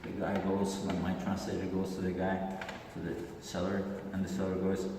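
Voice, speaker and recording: A low-voiced man with an Azerbaijani accent reads a comic monologue at a steady, deliberate pace. He is heard from a distance in a large hall with long, heavy reverb and a faint hiss underneath. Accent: Azerbaijani, Aghdam. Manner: deliberate, measured delivery with occasional restarts. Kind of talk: reading a prepared comic monologue.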